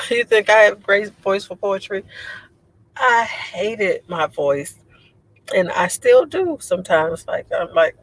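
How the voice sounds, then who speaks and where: Reading out viewer comments on her livestream, this animated host rambles, laughs often, and fills her speech with fillers. She says her low voice sounds like a man's, and the recording is rough.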